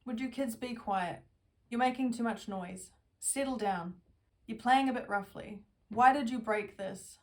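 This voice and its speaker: Woman acting as a curt, impatient parent snapping at the kids, louder than her own talk. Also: fairly high pitch, fairly quick, recorded from a distance, natural voice. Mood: scolding. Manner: sharp, telling off.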